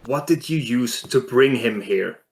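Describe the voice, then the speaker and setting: A man's voice: mid-range voice, animated, a little slow. A man playing a character in a tabletop role-playing game, casual and joking. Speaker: player.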